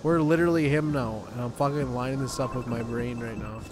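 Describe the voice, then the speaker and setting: A young man commenting on a game as he plays, swearing often and joking excitedly. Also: mid-range voice, fairly quick, music in the background. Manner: profane, excitable, jokey. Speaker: gaming YouTuber. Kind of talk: let's play commentary.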